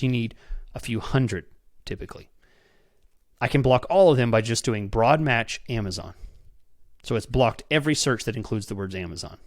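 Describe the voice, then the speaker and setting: In this instructional podcast, recorded cleanly in a studio without echo, a man with a mid-range voice explains a process one step at a time. He frequently asks "okay?" and restarts sentences, repeating words as he does.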